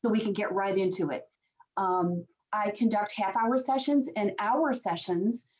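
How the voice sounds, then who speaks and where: A woman's voice: mid-range voice, measured pace, a little mellow. A woman guest on a podcast, a psychic medium, explaining her work earnestly with frequent restarts. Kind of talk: podcast interview answers. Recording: dull lo-fi sound.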